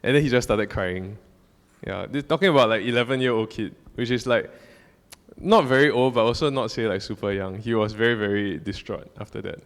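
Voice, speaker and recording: A man's voice: fairly low pitch, brisk. A young man tells a personal story as a casual church talk, rambling with many fillers and restarts. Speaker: church speaker. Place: church hall. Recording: long hall reverb.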